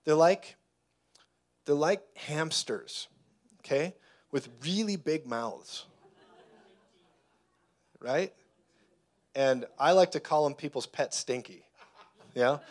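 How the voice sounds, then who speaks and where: A man's voice: a little high, slow, pauses often. A man preaching a sermon, telling personal stories and acting out the voices of the people in them. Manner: animated storyteller who acts out dialogue. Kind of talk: sermon teaching.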